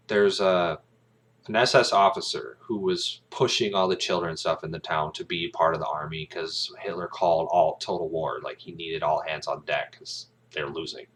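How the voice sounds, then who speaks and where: A man's voice: low voice, fairly bright tone. A man casually retelling a film scene, rambling with many ums and restarts. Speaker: aspiring actor, vlogger.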